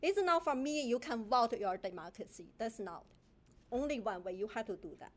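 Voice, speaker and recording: A woman with a Chinese accent speaks at a council podium, her voice set high. She is indignant and accusing, and her English is halting and broken. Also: expressive. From China. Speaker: public commenter. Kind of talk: public comment at a council meeting. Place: council chamber.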